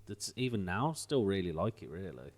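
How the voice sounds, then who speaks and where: A man's voice: low voice, very animated, moderate pace, a little mellow. A man co-hosting a podcast, joking in laid-back banter. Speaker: podcast co-host. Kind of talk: casual chat.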